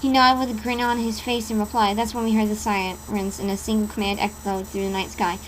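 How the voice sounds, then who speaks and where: A woman's voice: mid-range voice, flat delivery, fairly quick, hardly any pauses, slight background noise, low-quality recording. A woman reading a horror story aloud in a dramatic storytelling style, stumbling over a word now and then. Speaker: reader.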